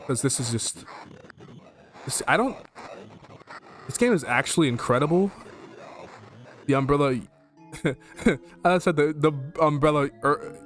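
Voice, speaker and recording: Guy streaming a game at home, reads the text out and rambles, swears a lot, mid voice, quiet music under it. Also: mid-range voice. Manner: rambling, jokey and profane, easily startled. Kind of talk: casual let's play commentary, reading game text aloud. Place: at home with his dog.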